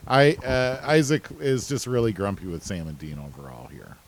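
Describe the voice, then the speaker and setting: A man's voice: lowish voice, normal speed, rough recording. A man co-hosting a casual recap chat, laid-back and hesitant, with many fillers. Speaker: podcast co-host.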